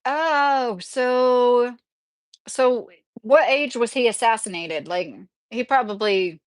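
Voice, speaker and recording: Woman, thirties, from Kentucky, livestream chat, rambling, laughing, fairly high pitch, dry close mic. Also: takes it slowly, no echo. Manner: rambling, laughs often, self-correcting. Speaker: livestream host. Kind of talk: casual livestream chat reading comments.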